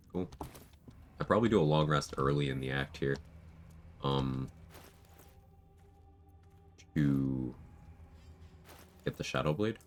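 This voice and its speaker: A man's voice: extremely low pitch, takes it slowly, long pauses, slight background noise. A man streaming a game live, chatting casually with viewers in a groggy morning voice. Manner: laid-back, greets and answers chat.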